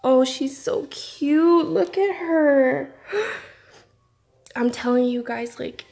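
Lady gushing over craft mail at home, slow and a bit gravelly. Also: sits high, animated, darkish tone. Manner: effusive, gushing. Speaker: craft vlogger. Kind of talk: casual unboxing vlog.

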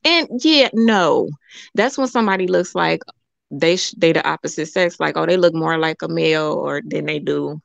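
A woman hosting a call-in talk show, chatting casually, animated and rambling, laughing often. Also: deep voice, moderate pace, gravelly, no room sound, lo-fi sound. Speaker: show host.

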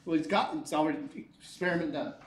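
A male teacher lecturing a class in a lively, joking way, often asking the students questions. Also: fairly high pitch, quick pace. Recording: echoey classroom.

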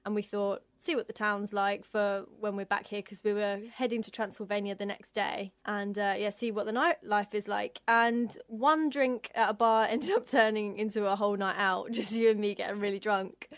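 A woman's voice: mid-range voice, little pitch movement, normal speed, few pauses, no echo, clean studio sound. A young woman co-hosting a travel podcast, chatting casually with laughs and fillers. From England. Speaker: podcast co-host.

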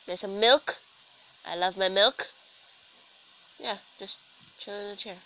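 Slow-talking sick young woman gamer. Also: medium pitch, bright, forceful tone, poor audio. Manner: chatty, self-deprecating, sarcastic asides. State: sick, sore throat. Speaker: gaming commentator. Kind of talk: casual let's-play commentary.

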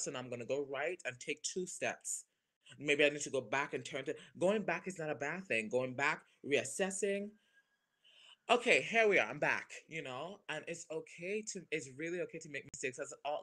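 Young Caribbean-born man, bright voice, expressive guest chat with sudden high-pitched bursts. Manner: expressive, playful, jumps into high exclamations. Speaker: guest performer. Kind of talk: animated casual talk.

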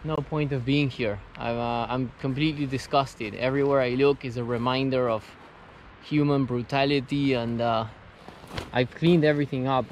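A young man vlogs outdoors, speaking to his camera in a frustrated, exasperated rant. His voice sits at an ordinary middle pitch. A faint hum of outdoor noise stays behind him. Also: a little mellow. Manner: frustrated, ranting. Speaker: vlogger. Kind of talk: outdoor vlog. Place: outdoors on a lake island.

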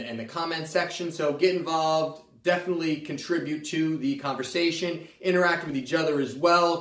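A man's voice: fairly high pitch, far from the mic. Man hosting a fight podcast, roomy. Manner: casual, loose talk with many fillers and restarts. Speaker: host. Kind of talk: sports betting podcast commentary.

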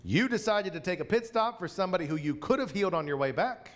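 A man, a pastor, preaching a sermon to a church congregation in an emphatic way, slowing down to repeat key lines. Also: high-pitched, expressive, slight background noise.

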